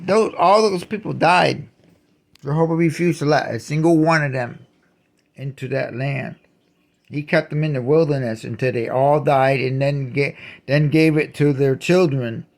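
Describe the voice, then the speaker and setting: A man delivering an indignant ranting monologue, repeating and restarting his words and shouting out accusations. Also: mid-range voice. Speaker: channel host.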